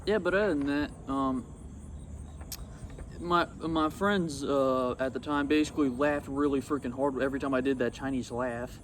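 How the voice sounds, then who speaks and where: A young man talking casually about his old video on his phone outdoors, rambling and excitable. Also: mid-range voice, normal speed, a little hiss or hum. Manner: rambling and excitable, swats at bugs. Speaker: YouTuber. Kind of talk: casual vlog commentary. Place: outdoors among insects.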